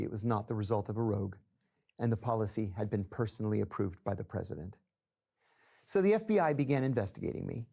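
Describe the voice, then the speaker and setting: A man with a gravelly, low-lying texture to his voice speaks in a measured interview tone. His delivery is deliberate and even as he recounts events. The timbre stays dark and mellow throughout. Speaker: former intelligence officer interviewed.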